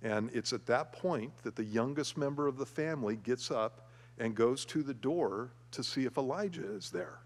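A man's voice: mid-range voice, normal speed. Male pastor teaching through the bible, casual and chatty, lots of ums, voice ringing in a big church hall. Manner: conversational, with frequent fillers and restarts, animated when telling stories. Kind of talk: sermon, verse-by-verse Bible teaching. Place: church sanctuary.

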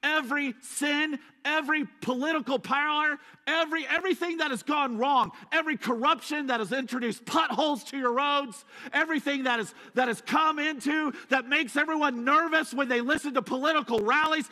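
A man's voice: extremely high pitch, moderate pace, few pauses, bright, forceful tone. A man preaching a sermon as a guest speaker, telling the story dramatically with joking asides. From USA. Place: church sanctuary. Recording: echoey church hall.

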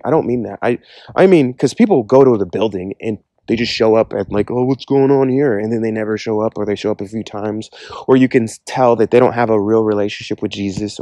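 Earnest man sharing a warm testimony. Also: lowish voice, dry recording. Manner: earnest, conversational, with frequent "like" fillers. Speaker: Christian speaker giving a testimony. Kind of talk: earnest personal testimony monologue.

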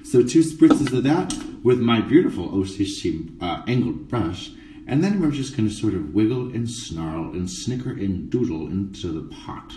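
Campy drag performer, male, low and lively, wry rambling delivery, recorded on a phone in a roomy space. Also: moderate pace, distant mic, a little hiss or hum. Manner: campy, sarcastic, rambling asides. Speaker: drag performer doing a makeup tutorial. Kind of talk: casual live-stream chat. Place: dressing room before a show. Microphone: phone camera, a bit away.

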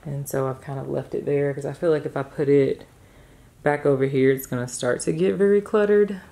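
Low gravelly-voiced young woman. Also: brisk, dark tone. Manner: chatty, rambling with fillers. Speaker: vlogger, mother. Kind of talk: casual home vlog. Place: home living room.

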